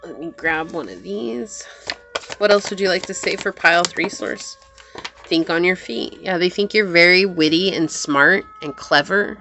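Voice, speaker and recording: A woman's voice: lowish voice, unhurried, pushed and bright, faint music behind. A woman giving a pick-a-card tarot reading, talking earnestly and thinking aloud as she pulls cards. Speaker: tarot reader.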